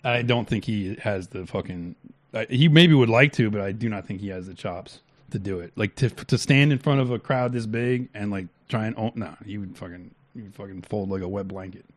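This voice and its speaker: A man's voice: on the low side, fairly quick. A man co-hosting a talk stream, reacting to clips in blunt, crude, heated talk with many restarts. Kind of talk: casual profane commentary.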